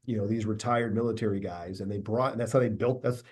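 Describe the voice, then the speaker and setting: Measured husky-voiced male guest. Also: fairly low pitch, steady tone, darkish tone. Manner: measured, reflective, tags sentences with "right?". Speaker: academy leader, podcast guest. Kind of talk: interview conversation.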